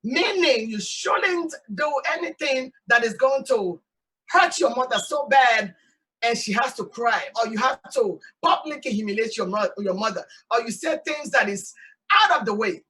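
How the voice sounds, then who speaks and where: Animated Sierra Leonean woman hosting. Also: fairly high pitch, moderate pace, distant mic, low-quality recording. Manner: animated, emphatic, repeats "no, no, no". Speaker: host. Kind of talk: casual talk show monologue. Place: outdoors in hot sun.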